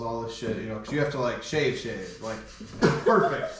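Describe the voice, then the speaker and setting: A man rambling through a crude anecdote in easy podcast chat, his voice at an ordinary middle pitch. He sits well back from the mic, so the room rings loudly around him, with a faint hiss underneath. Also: normal speed. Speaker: podcast co-host. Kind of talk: casual storytelling chat. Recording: echoey room, distant mic, faint noise.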